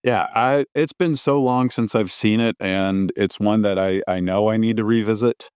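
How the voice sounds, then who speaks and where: A man's voice: lowish voice, normal speed, darkish tone, clean tone, no echo, clean studio sound. A man chatting on a film podcast, thoughtful, trailing off and restarting as he recalls things. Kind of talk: casual film podcast chat.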